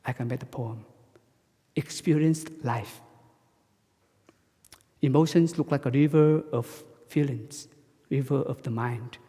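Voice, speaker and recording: Male Buddhist monk; soft, halting dharma talk in a hall with long reverb. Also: mid-range voice. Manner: halting, simple English with frequent restarts.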